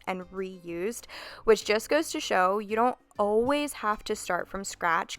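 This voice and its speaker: A woman's voice: mid-range voice, a bit bright, clean tone. A woman in her thirties talking through a home makeover in a chatty, enthusiastic vlog voice-over. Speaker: home decor vlogger.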